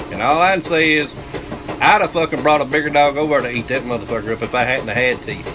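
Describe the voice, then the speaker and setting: Swearing nonstop and laughing often, a Southern-accented channel host brags his way through a crude story. His voice sits a little high, and the recording is rough.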